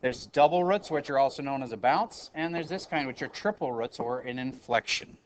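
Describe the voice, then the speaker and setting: Male math teacher, casual and self-correcting, mid-pitched, classroom recording with faint noise and clicks. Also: moderate pace. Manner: casual, self-correcting, calls on students by name. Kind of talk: classroom lesson at a whiteboard.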